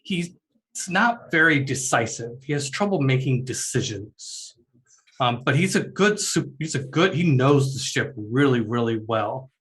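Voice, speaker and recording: A man's voice: mid-range voice, lively intonation, a little slow, fairly bright tone, poor audio. A man narrating a tabletop role-playing game as game master, talking loosely with many fillers and restarts.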